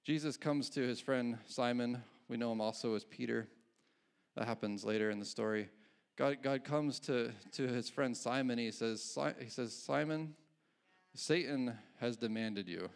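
A man's voice: medium pitch, unhurried, vocal fry. A male pastor giving a conversational sermon, often restarting his phrases and chuckling at his own asides.

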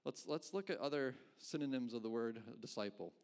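Middle-aged guy preaching, chatty, lots of rhetorical questions, little chuckles, normal pitch. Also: animated, brisk, a little mellow. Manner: conversational, asks rhetorical questions, chuckles between points. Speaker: pastor. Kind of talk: sermon.

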